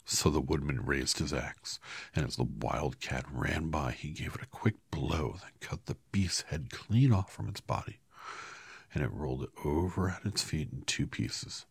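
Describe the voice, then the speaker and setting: Man, deep creaky storybook reader, soft and hushed, dry close sound. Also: a little slow, no echo. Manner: soft, half-whispered, apologizes for slips. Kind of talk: quiet storybook read-aloud.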